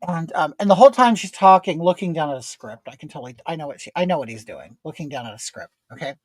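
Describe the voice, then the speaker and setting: A man's voice: fairly high pitch, animated, fast, dry recording. A man, a drag queen host, gossiping sarcastically while doing makeup and reading viewer comments. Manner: reads viewer comments aloud. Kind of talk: casual makeup chat.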